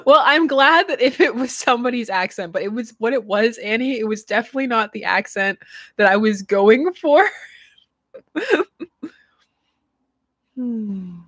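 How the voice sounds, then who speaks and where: A woman's voice: fairly high pitch, lively intonation, a little slow, pauses often, fairly bright tone, dry recording, studio quality. A young woman streaming live, chatting casually with viewers, laughing often and trailing off mid-sentence. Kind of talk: casual livestream chat reading viewer comments.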